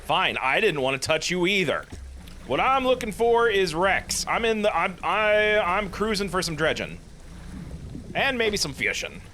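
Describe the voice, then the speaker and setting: Sarcastic guy doing lets play chatter, bright lively voice, soft game music behind. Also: high voice, measured pace, slight background noise. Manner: wry, sarcastic asides. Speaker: let's play host. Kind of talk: casual game commentary.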